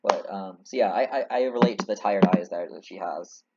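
A man's voice: deep voice, fairly quick. Chatty man rambling over a game. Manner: chatty, rambling, self-mocking. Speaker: let's play host. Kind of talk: casual game commentary. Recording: slightly muffled, faint hiss.

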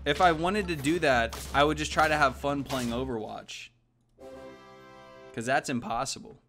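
A man's voice: mid-range voice, moderate pace, faint music behind. A young man streaming a video game, chatting casually, rambling and swearing, mumbling one moment and yelping the next. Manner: rambling and profane, swings from mumbles to excited yelps. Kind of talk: casual gaming stream chat.

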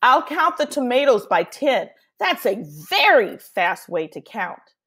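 A woman's voice: fairly high pitch, unhurried, breathy edge, voice pushed up, heavily acted. A woman reading a picture book aloud, voicing an eager young boy who pleads to leave. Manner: pleading, excited. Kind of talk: storybook read-aloud.

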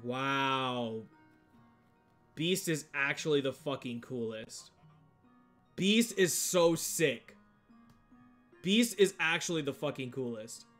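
A man streams a game live and talks over it at an unhurried pace. He swears often and repeats his exclamations again and again. Faint game music plays behind his voice. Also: mid-range voice, lively intonation, fairly bright tone. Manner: profane, exclaiming, repeats himself.

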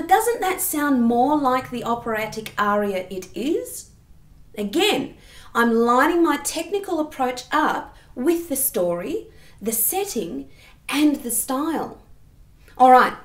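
A singing teacher with a high voice is heard in an echoey room. During her online lesson she explains technique and sings short phrases to demonstrate.

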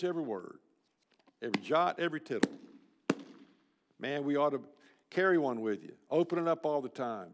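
An older man with a drawl delivers a blunt, folksy sermon to a room of men. His voice sits a little high for a man, and it rings out with a long echo in a large hall. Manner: folksy, blunt, emphatic preaching. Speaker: speaker at a men's luncheon. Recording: reverberant hall.

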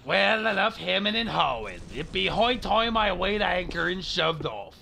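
A man voicing a gruff, swaggering male pirate captain with a growled, old-fashioned pirate drawl, heard over a machinima clip. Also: high-pitched, animated, a little slow, pushed and bright, exaggerated voice. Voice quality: growled pirate accent with archaic grammar. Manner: theatrical, drawling. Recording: game audio mixed under, noisy.

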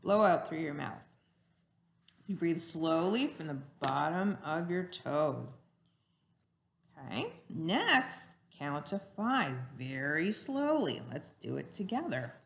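A woman teacher giving a lesson to young children in a slow, sing-song way. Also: on the low side, sing-song, creaky, a little hiss or hum.

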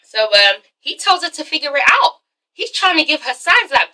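A woman's voice: high-pitched, very animated, moderate pace, bright, forceful tone, rough recording. A young woman casually recapping a TV episode, sassy and profane, ending lines with "okay?". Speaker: TV episode reviewer.

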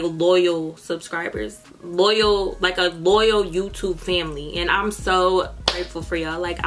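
Young woman YouTuber, profane slangy storyteller, sharp bright tone. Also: lowish voice. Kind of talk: casual storytelling vlog. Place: indoors under bright lights.

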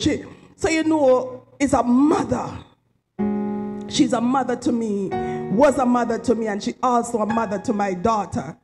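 A woman's voice: on the high side, moderate pace, darkish tone, soft background music, low-quality recording. Woman giving a tearful, rambling tribute. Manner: rambling, heartfelt, preacherly. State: emotional, near tears. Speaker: eulogy speaker at a memorial service. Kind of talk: emotional spoken tribute.

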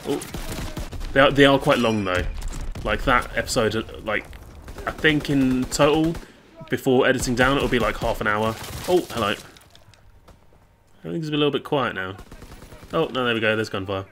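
A man's voice: medium pitch, moderate pace, long pauses, fairly bright tone, a little hiss or hum. A young man chatting casually and rambling over gameplay, swearing and reacting aloud to the game. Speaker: gaming YouTuber.

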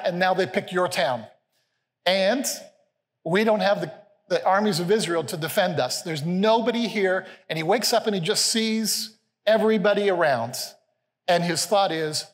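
A man, a senior pastor, delivering a sermon in an earnest, conversational way, repeating key phrases to drive them home. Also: high-pitched. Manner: earnest, conversational preaching with repetition. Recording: long reverb of a large hall.

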